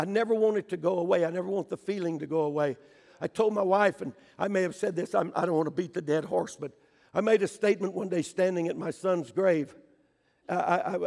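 An older man preaching a sermon in a church, fervent, swinging between shouted pleas and hushed storytelling. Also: high voice, gravelly, in a large hall.

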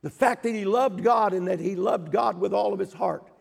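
An older man preaching a sermon in a church, fervent, swinging between shouted pleas and hushed storytelling. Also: sits high, normal speed, vocal fry, slightly rough, in a large hall.

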